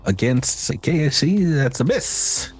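A man running a tabletop game as game master over a video call, animated and quick to laugh. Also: fairly high pitch.

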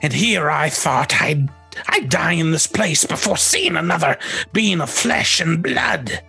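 A man voicing a weathered woman soldier captain who speaks through a mask, in a raspy, slightly muffled voice. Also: fairly high pitch, lively intonation, measured pace, sharp tone, soft background music, pitched above the performer's own voice, full character voice. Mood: gruff, curious.

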